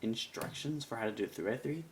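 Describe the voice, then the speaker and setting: A man's voice: mid-range voice, lively intonation, fast talker, slight background noise. A man giving a casual product review in a rambling, chatty way with self-mocking asides. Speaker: cube reviewer.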